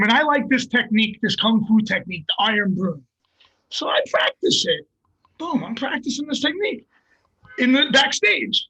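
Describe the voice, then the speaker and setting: A middle-aged man, a fighter, telling a story in a casual, profane and animated way and laughing at himself. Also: very high voice, breathy edge, poor audio. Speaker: guest, MMA fighter.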